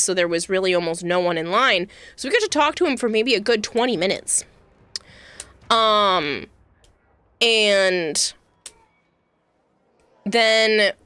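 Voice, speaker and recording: A young woman hosting a livestream, telling stories in a casual, animated way with frequent laughs and quick asides. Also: medium pitch, no echo. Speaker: livestream host. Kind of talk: casual storytelling chat.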